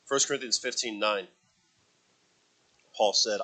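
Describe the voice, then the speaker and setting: A man preaching a sermon, telling stories with acted quotes and swinging from loud dramatic bursts to low, quiet asides. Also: moderate pace, poor audio. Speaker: pastor.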